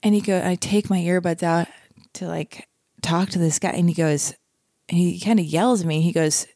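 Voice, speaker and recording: A woman's voice: on the low side, fairly even intonation, normal speed, mellow, no echo, studio quality. A young woman telling a story in a casual chat, acting out both sides of the dialogue.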